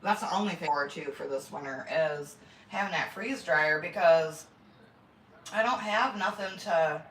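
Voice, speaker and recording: A woman's voice: fairly low pitch, moderate pace, a bit bright. A middle-aged woman, hosting a casual livestream from her kitchen and chatting bluntly with viewers. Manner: chatty and blunt, swears, greets viewers by name. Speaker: homestead channel host. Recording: echoey room, distant mic, faint noise.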